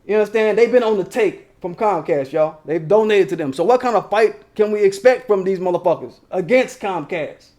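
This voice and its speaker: A man's voice: sits high, moderate pace, few pauses, a little mellow. A man hosting his own political commentary channel, talking straight to viewers in a heated, slangy, profane way.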